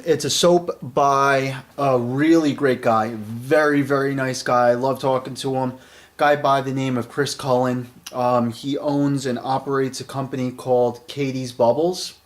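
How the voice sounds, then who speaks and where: Man, 30s, mid-pitched, casual friendly reviewer, rambles with lots of fillers. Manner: rambling, repeats words and uses many fillers; friendly and enthusiastic. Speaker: shaving product reviewer.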